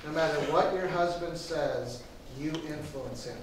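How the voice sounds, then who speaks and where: A man preaching to a church class as pastor, telling a story with lively quoted voices. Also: fairly high pitch, a little slow, slight background noise. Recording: echoey room from far off.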